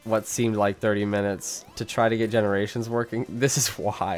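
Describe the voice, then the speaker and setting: A man's voice: fairly low pitch, little pitch movement, normal speed, few pauses, soft background music. A man streaming a game live, complaining in an exasperated, dramatic way and laughing a lot at his own troubles. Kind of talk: casual live gameplay commentary.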